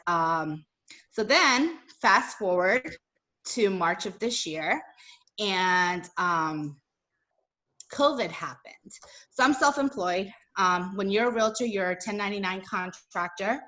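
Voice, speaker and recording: A woman speaking as a guest at a live talk, telling a personal story in a chatty, animated way with lots of fillers. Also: medium pitch, takes it slowly.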